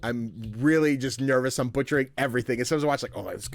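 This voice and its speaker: A man's voice: mid-range voice, steady tone, quick pace. A young man chatting casually and self-deprecatingly as he streams a story game. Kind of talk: casual gameplay commentary.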